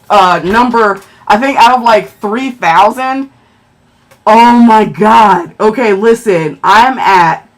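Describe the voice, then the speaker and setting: A woman chatting on a livestream, excitable and emotional as she thanks viewers for gifts and checks her ranking. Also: medium pitch.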